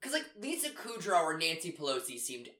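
A man's voice: on the high side, very animated, fairly quick, bright, forceful tone. A man co-hosting a casual podcast chat, making dry, wry remarks. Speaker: podcast co-host. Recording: roomy echo.

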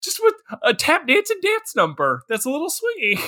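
Excitable high-voiced man, laughing often. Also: normal speed. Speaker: podcast co-host. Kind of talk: casual chat.

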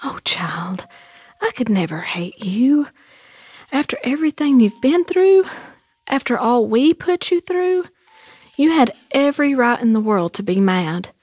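A woman's voice: on the high side, very animated, measured pace, darkish tone, no room sound. An actress playing a kindly, motherly aunt who comforts a young woman in folksy speech. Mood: comforting. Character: kindly motherly aunt in a rural Southern household.

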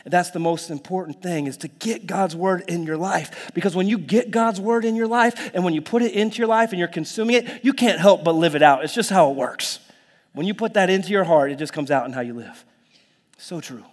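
A man preaching a sermon in a lively, conversational way, now and then dropping to a whisper or jumping to a shout. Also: high-pitched, a little fast. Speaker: pastor. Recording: long hall reverb.

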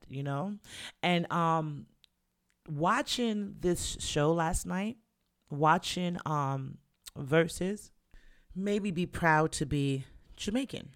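Speaking in a slightly higher-than-average male voice, a New York man delivers a casual storytelling monologue about his home city. His telling is frank and lively, full of swearing and frequent laughter.

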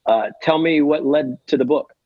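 A man with a husky voice hosting a podcast, asking questions in a conversational way and restarting his sentences. The recording is dry and dull, with a lo-fi sound. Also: on the high side, moderate pace, no echo. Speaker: podcast host. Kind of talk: podcast interview.

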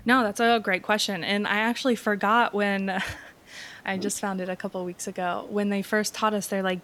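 A woman's voice: fairly low pitch, a bit bright. A woman talking casually as an interview guest, chatty and full of filler words, laughing often. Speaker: energy healer guest.

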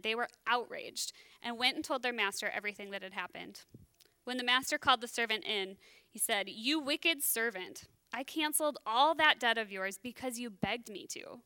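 Bright, high-voiced woman teaching casually. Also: clear, resonant tone, no room sound. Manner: chatty and self-deprecating, thinking aloud. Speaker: bible teacher. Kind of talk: casual sermon.

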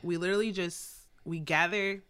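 A woman's voice: on the low side, fairly even intonation, moderate pace, fairly bright tone, smooth. A woman guest on a casual chat, telling family stories with frequent laughter. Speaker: podcast guest.

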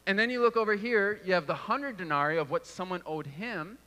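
A man's voice: high-pitched, a little fast, bright, forceful tone, big-room sound. A man giving a conversational sermon and sometimes restarting his words. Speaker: preacher.

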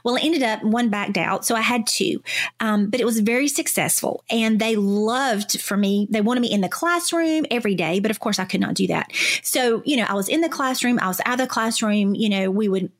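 A woman speech-language pathologist chats as a podcast guest in a slightly high voice. She tells stories with real enthusiasm and peppers them with "you know." She brings quoted colleagues to life in lively voices. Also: fairly quick. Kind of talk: casual podcast conversation.

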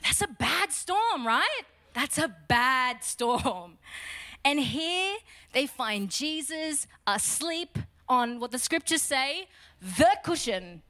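A young adult woman preaching a lively sermon, telling the story with jokes and bursts of loud acted lines. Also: high-pitched, slow pace, no echo.

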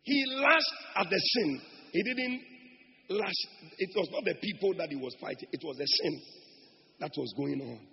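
A male preacher with a high, gravelly voice delivers an emphatic sermon, booming one moment and dropping low the next. The sound is dull and lo-fi, carried by the long reverb of a church hall. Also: animated, normal speed. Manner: emphatic, swings from loud declarations to low asides.

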